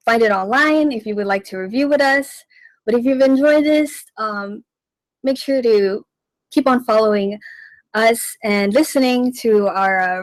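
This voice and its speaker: A woman hosting a radio language lesson, teaching slowly and patiently and repeating each phrase. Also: on the high side, no room sound, poor audio. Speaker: radio language segment host. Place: radio studio.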